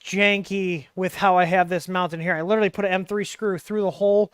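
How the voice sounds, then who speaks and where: A man's voice: high-pitched, fairly even intonation, a little fast, fairly bright tone, smooth, dry recording, clean studio sound. Rambling man hosting a tech livestream. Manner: rambling, filler-heavy, explains while tinkering. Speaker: livestream host. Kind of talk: casual hands-on tech livestream. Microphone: wireless mic.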